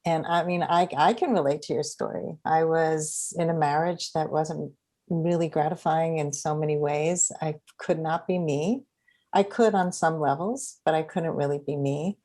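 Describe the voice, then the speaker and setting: A woman's voice: sits low, fairly even intonation, normal speed, a little mellow. A middle-aged woman hosting a podcast, reflecting and sharing her own experience in a casual interview. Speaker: podcast host.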